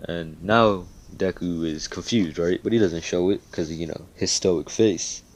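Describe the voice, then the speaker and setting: A man with a deep, low voice tells a fan-made story in a loose, casual way. He swears freely and keeps tossing in fillers as he goes. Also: unhurried. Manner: loose and profane, with frequent fillers.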